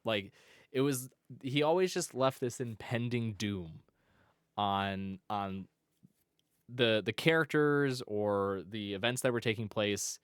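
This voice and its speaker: A man's voice: lowish voice, takes it slowly, smooth, no echo, clean studio sound. A man co-hosting a casual anime podcast, rambling with many restarts and fillers. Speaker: podcast co-host. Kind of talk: casual chat.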